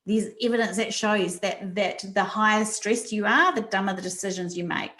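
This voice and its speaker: A woman's voice: mid-range voice, moderate pace, fairly bright tone, reverberant. A woman presenting a resilience webinar over a video call, talking animatedly and repeating words for emphasis. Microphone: video call mic.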